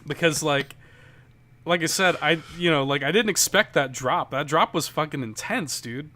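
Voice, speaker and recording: Casual podcast co-host, man, bright tone, loose rambling delivery with swearing. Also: on the high side, normal speed. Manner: rambling, profane storytelling with lots of fillers. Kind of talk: casual chat.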